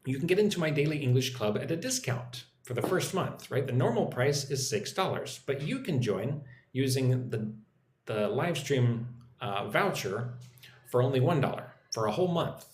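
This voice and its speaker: A young American man teaching English on a live stream, chatting with viewers and repeating phrases slowly for practice. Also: medium pitch, lively intonation. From United States. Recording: echoey room with faint noise.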